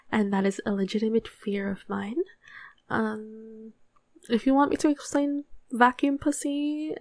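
A woman's voice: medium pitch, gravelly, no room sound. Young woman in a put-on Australian accent. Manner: chatty and rambling, giggles between remarks. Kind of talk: casual storytelling monologue.

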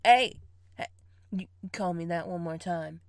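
A woman's voice: on the low side, unhurried, no room sound, studio quality. A woman playing a teasing, bossy partner. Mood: scolding, laughing. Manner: teasing, laughing often, scolding. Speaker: audio role-play performer. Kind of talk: intimate audio role-play.

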